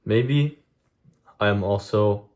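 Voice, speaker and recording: A man's voice: lowish voice, drawn-out words, a little mellow. A young man streaming a blunt, profane monologue to his chat, venting intensely about discipline and cutting things out. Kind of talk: casual vlog monologue to chat.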